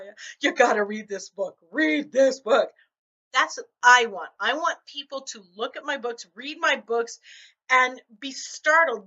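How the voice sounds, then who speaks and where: A middle-aged woman vlogging about her writing, telling stories animatedly and acting out other people's reactions. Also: a little high. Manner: animated storytelling, acts out quoted reactions. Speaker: novelist vlogger. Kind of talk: casual talk to camera. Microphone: camera mic. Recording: dull lo-fi camera audio.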